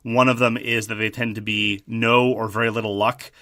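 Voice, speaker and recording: A man co-hosting a casual board game podcast, talking things through in a thoughtful, measured way and often restarting his sentences. His voice is bright and forward, recorded close and dry with no room sound. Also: on the low side, flat delivery, no echo. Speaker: podcast co-host.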